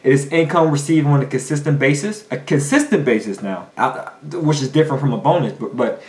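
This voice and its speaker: A man delivering a motivational money lecture at a middle pitch, emphatic and a little preachy. He keeps pressing the listener with rhetorical questions. His voice rings around a reverberant room. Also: fairly quick, a little mellow. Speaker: finance coach. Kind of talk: motivational monologue.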